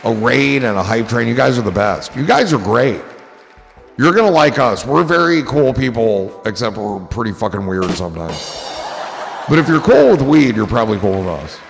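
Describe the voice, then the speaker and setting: A man's voice: mid-range voice, animated, moderate pace, gravelly, in a large hall, soft background music. A man hosting a casual livestream, rambling in a goofy, profane way to his chat. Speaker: livestream host.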